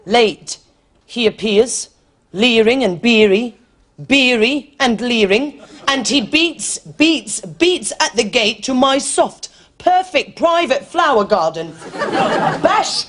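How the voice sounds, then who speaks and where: An actress playing a prim wife reciting a bawdy poem in a mock-serious way. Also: female voice, on the high side, expressive, takes it slowly, a bit bright, full character voice. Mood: mock-solemn. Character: middle-aged wife reading a bawdy poem. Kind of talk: sketch comedy acting.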